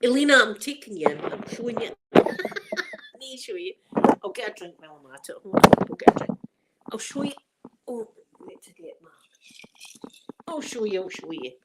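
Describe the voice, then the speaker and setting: A woman's voice: a little high, wildly swooping pitch, brisk, vocal fry, heavy background noise. Chatty Scottish woman rambling. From Scotland. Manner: rambling and chatty, laughs often. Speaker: ASMR channel host. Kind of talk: casual live chat while showing her home.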